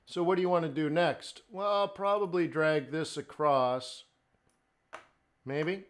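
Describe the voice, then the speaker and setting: A man's voice: fairly high pitch, a little slow. A man hosting a live trading stream, talking viewers through his charts and explaining patterns as he goes. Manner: hums and raps to himself while charting. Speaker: forex trading stream host.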